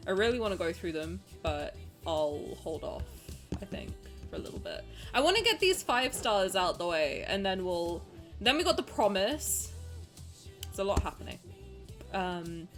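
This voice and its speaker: A young woman chatting casually on a live stream, bubbly and warm with her viewers, greeting them one by one. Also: mid-range voice, big pitch swings, moderate pace, soft background music.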